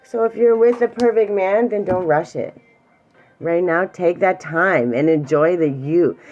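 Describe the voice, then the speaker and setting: A middle-aged woman gives a casual, earnest talk on emotional awareness, speaking warmly and reassuringly straight to one viewer and sometimes coming close to tears. Her voice is lowish and unhurried, and the recording is muffled with slight background noise.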